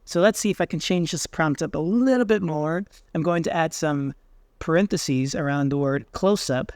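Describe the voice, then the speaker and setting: A man hosting a software tutorial, casually thinking aloud with fillers as he tries things on screen. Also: fairly high pitch, normal speed, no echo, studio quality. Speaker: tech tutorial host. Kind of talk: screen-recorded software walkthrough.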